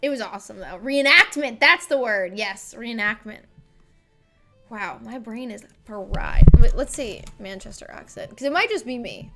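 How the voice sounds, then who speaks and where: A woman's voice: on the high side, lively intonation, moderate pace, bright, forceful tone, faint music behind. A woman streaming, chatting casually and telling a rambling story with lots of self-corrections. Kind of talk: casual livestream chat.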